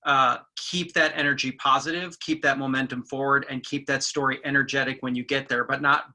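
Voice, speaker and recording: A man's voice: mid-range voice, fairly even intonation, fairly quick, sharp tone. A man moderating a webinar Q&A, asking friendly questions.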